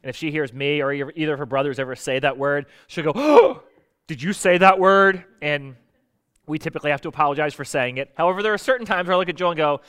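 Male preacher, slightly high and smooth voice, chatty sermon delivery that slips into quoted voices. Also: rapid-fire. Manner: conversational and lively, acting out quoted voices; explaining Bible verses with everyday examples.

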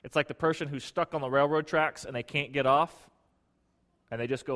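A man preaching a sermon as pastor in a church, talking conversationally with restarts and repeated words, swinging between emphatic loud bursts and hushed asides. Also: mid-range voice, fairly even intonation, a little fast. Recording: long hall reverb.

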